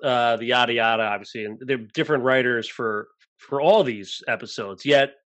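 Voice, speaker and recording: A man's voice: medium pitch, fairly bright tone. Chatty man co-hosting an interview. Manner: conversational, keeps checking in with "right?". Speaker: podcast co-host. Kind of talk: casual interview.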